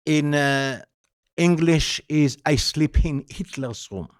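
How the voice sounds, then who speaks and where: A man's voice: on the high side, slow pace, clean tone. A man from Israel, an author and guest in an interview, who tells stories emphatically and sarcastically and often repeats his words. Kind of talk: animated conversational storytelling.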